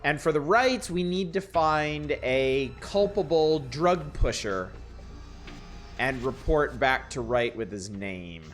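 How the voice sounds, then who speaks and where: A man's voice: on the high side, animated, slow, faint music behind. A man streaming a role-playing game, casually musing through plans with hesitant restarts. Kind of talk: let's-play commentary.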